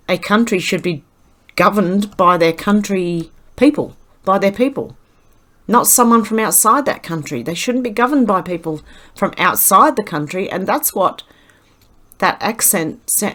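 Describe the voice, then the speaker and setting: A woman's voice: medium pitch, fairly bright tone. A woman with an Australian accent, hosting her channel and reading out posts in casual, rambling commentary full of fillers and restarts. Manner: rambling, halting, with many fillers.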